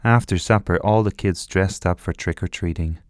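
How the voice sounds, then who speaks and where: Deep male storyteller, very slow, dry close sound. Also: dry recording. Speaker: narrator. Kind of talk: children's story reading.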